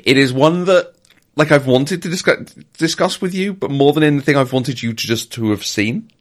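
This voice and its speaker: A man's voice: fairly high pitch, normal speed. A man co-hosting a podcast in casual chat, enthusiastic, often repeating words and laughing. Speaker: podcast co-host.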